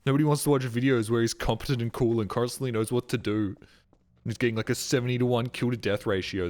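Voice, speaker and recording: The streamer's voice is lowish and darkish, fairly quick, with fairly even intonation, picked up on a streaming mic. He keeps up a rambling live-stream chat while playing, sweary and self-deprecating.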